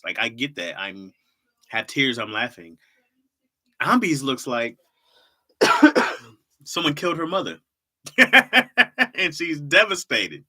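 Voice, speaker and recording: A man's voice: medium pitch, sharp tone. A young man hosting a casual livestream, bantering with chat and laughing often. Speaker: livestream host.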